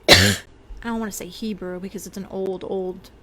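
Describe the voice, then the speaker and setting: A psychic medium hosts a loose, casual spiritual livestream, speaking at a moderate pace in a mid-range, sing-song voice. Her tone is bright and forceful, and her chatty talk is packed with fillers and small laughs.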